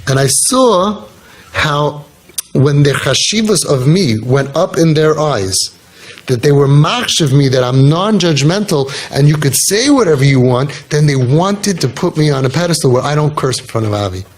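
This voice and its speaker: A man's voice: a little high, expressive, normal speed. A middle-aged man giving an earnest storytelling talk as a youth mentor. He talks emphatically and repeats his key phrases.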